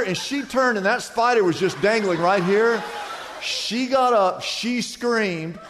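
A male pastor with a high voice delivers an animated sermon, rising loud and dropping to a hush as he tells his stories. His voice rings with a long reverb, as if from a large church hall. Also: measured pace, noisy background. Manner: animated storytelling with wide swings in pitch and volume.

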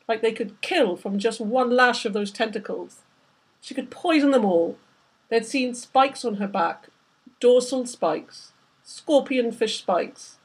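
A woman, the author, reading aloud from her novel in steady, measured narration. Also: a little high, breathy edge, poor audio. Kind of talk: book reading.

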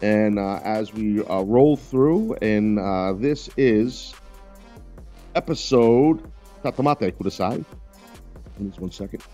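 A man's voice: fairly low pitch, lively intonation, takes it slowly, dark tone, faint music behind. A man hosting a radio talk show, chatting loosely and teasing his co-hosts. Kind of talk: casual on-air banter.

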